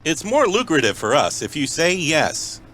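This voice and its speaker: A man making a prank phone call in a deadpan mock automated phone-menu voice. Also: fairly high pitch, normal speed, noisy background. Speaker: prank caller.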